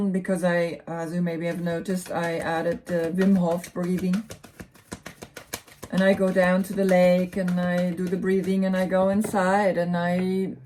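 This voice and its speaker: A woman's voice: on the low side, mellow, a little hiss or hum. A woman with a German accent giving a casual tarot reading, rambling and often repeating words. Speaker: tarot reader.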